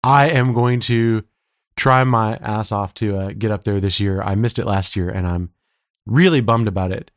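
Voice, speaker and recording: A man's voice: lowish voice, normal speed, no echo, studio quality. A man co-hosting a podcast in casual, joking talk, his throat slightly scratchy. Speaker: podcast co-host.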